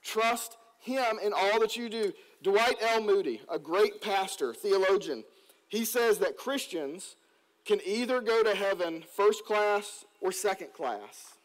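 High-voiced pastor preaching earnestly. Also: male voice, animated, low-quality recording. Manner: earnest storytelling, slows down on scripture. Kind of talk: sermon.

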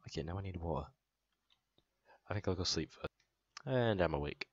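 Low-voiced man playing a game. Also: animated, normal speed, no echo, dull audio. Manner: playful, narrating his own moves with sound effects. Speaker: gaming channel host. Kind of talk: let's play commentary.

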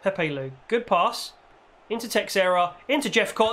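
A man commentating on his own football video game, reacting loudly and shouting at goals and the referee. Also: high voice, expressive, moderate pace. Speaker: gaming YouTuber. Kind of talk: excitable gameplay commentary.

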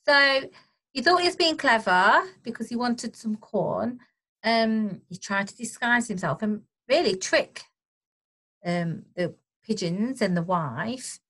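A woman teacher reading a storybook aloud to children, expressive and gentle, pausing to explain the story. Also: mid-range voice, slight background noise, low-quality recording. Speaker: primary school teacher.

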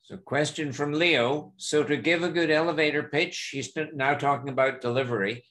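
A man moderating an online session, briskly reading out audience questions and keeping time. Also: on the high side, steady tone, a bit bright. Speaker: webinar moderator.

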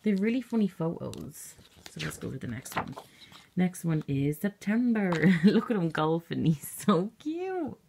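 A woman's voice: lowish voice, lively intonation, normal speed, gravelly, background noise. A young woman vlogging casually from her bedroom with a handheld camera, rambling with offhand, sarcastic asides. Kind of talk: casual vlog chat.

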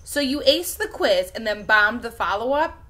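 A woman reading aloud voicing a brisk, fiery woman classroom aide in a children's novel, lifting her voice higher and louder. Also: animated.

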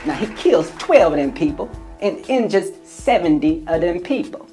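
A man's voice: sits high, lively intonation, moderate pace, warm tone, soft background music, some chatter behind, pitched above the performer's own voice. A man doing a comedic impression of an indignant male death-row inmate, talking with exasperated, mocking swagger.

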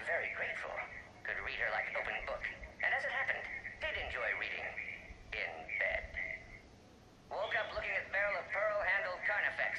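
An actor playing a brisk, dry male alien scientist in a video game who talks in terse, clipped sentences that drop small words. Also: on the high side, bright, forceful tone, roomy sound, slight background noise, exaggerated voice, low-quality recording.

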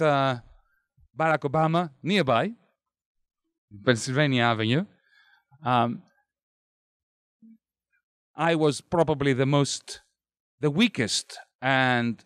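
A man's voice: mid-range voice, a little slow, long pauses, fairly bright tone, dry recording, clean studio sound. A middle-aged man from Greece giving a public talk at a bookstore, building his points rhetorically and with expression. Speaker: author speaking at a bookstore event. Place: bookstore event room.

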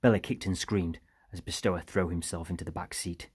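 Male audiobook narrator, deep husky voice, dry close sound, steady telling. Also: a little fast, no room sound. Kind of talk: scripted narration.

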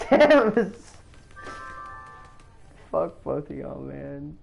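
A woman's voice: low voice, big pitch swings, extremely slow, creaky, darkish tone, soft background music, rough recording. A woman streaming a video game, laughing and swearing as she complains to her friends. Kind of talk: casual gaming stream chat.

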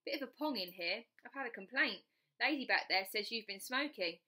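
A woman doing a high, nosy ticket collector. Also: lively intonation, fairly quick, sharp tone. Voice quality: blunt, sniffy. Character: tall train ticket collector, nosy and blunt.

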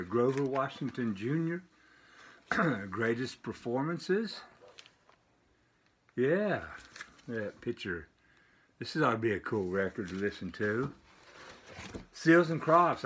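Slow, easygoing older man rambling. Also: mid-range voice, fairly bright tone, husky. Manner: rambling, easygoing, many filler pauses. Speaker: vinyl record collector. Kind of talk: casual unboxing vlog. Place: home with dogs barking nearby.

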